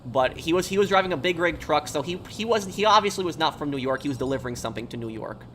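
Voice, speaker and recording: A man's voice: on the high side, expressive, fast talker, a bit bright, a little hiss or hum. A man chatting casually on a gaming live stream, telling rambling stories and answering viewers' questions. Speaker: game streamer.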